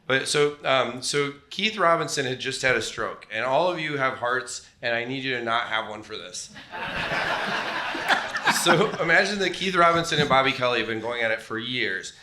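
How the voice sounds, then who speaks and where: A man with a very bright, forceful voice tells a rambling story, laughing often and playing the other people in it. The sound is roomy, with faint noise behind him. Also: medium pitch, animated, normal speed. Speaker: comedian telling a story on a podcast. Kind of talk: casual storytelling chat.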